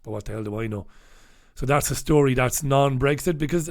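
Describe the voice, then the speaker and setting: Speaking fairly quickly in a medium-pitched voice, a man reviews the day's papers with sardonic, salty commentary. He swears freely and reads viewer comments and headlines aloud on air.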